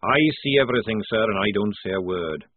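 A man's voice: lowish voice, brisk, slightly rough, no echo. A man voicing a crafty, knowing old army sergeant with sly, conspiratorial soldier talk in an audiobook. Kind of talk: audiobook character voice. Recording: tinny, dry, phone-like sound.

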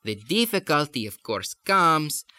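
A man teaching an accent lesson for actors, explaining in a measured way and now and then showing a lilt in his own voice. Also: a little high, sing-song, sharp tone, dry recording. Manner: measured, demonstrates lilts while explaining. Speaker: dialect coach.

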